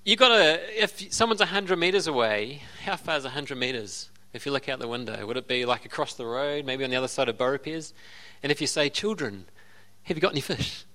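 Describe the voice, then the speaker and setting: Bright-voiced Australian pastor, chatty. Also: male voice, mid-range voice, fairly quick. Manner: conversational storytelling with asides and laughs. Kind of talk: sermon.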